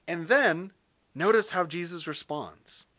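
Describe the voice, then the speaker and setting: A man teaching a Bible session in sermon style, animated and lively, acting out quotes with jokey asides. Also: sits high, takes it slowly.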